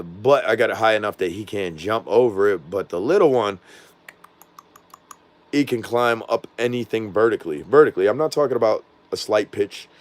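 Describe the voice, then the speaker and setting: A man casually vlogging from his home, rambling and losing his train of thought, with a slangy way of talking and a voice he says is off. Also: lowish voice. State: says his voice is not normal. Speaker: drone vlogger. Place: at home indoors.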